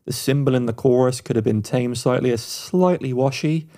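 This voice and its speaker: A man's voice: mid-range voice, moderate pace, mellow. A man co-hosting a music podcast, talking enthusiastically in casual, rambling chat with frequent restarts. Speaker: podcast co-host reviewing songs.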